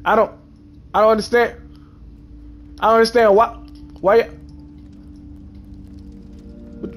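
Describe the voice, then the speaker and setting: A young man talks his way through a game in an animated, mock-dramatic style, speaking to the characters. His voice sits very high, with faint game music running underneath. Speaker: gaming YouTuber. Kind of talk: comedic let's-play commentary.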